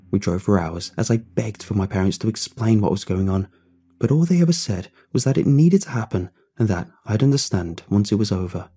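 A man narrating a first-person horror story in a steady, dramatic way. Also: lowish voice, breathy edge.

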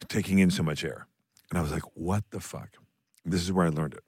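A man co-hosting a podcast, telling stories in animated, casual chat. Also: low-pitched, fast, slightly rough, dry recording. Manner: animated storyteller, swears, laughs often. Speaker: podcast co-host.

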